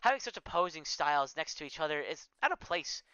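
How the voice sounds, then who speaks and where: Man, storyteller, live story reading, small slips, bright sharp voice, dry close sound. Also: on the high side, big pitch swings, a little fast, clean tone, dry recording, lo-fi sound.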